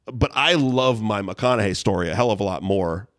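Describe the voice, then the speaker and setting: A man's voice: on the low side, normal speed, a bit bright. A man, a guest telling long, rambling anecdotes in casual chat, full of restarts and laughs. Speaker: guest storyteller.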